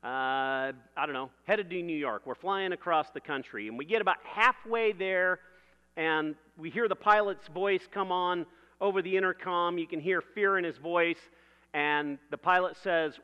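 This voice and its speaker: A man's voice: high-pitched, moderate pace, clear, resonant tone, big-room sound, muffled recording. A man preaching a sermon in a conversational way, building vivid everyday illustrations and laughing at his own jokes.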